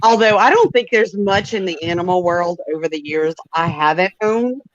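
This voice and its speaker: A woman chatting casually on a live stream, telling stories in an emphatic, expressive way. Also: on the low side, normal speed, dry recording, highs cut off. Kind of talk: casual chat.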